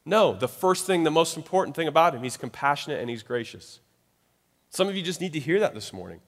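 A pastor with a fairly high, animated voice preaches briskly in a loose, conversational style. He acts out quoted voices and keeps asking "right?", all under a long hall reverb.

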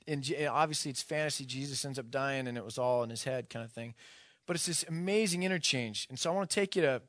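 A man's voice: fairly high pitch, fairly quick, fairly bright tone, no room sound, studio quality. A middle-aged man preaching a conversational sermon, mixing joking asides and fillers with emphatic storytelling. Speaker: pastor.

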